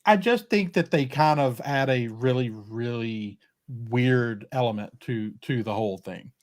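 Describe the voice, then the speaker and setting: A co-host speaks in a mid-pitched voice in casual chat. The talk is hesitant and full of ums and restarts. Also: a little slow, a little mellow. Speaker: podcast co-host.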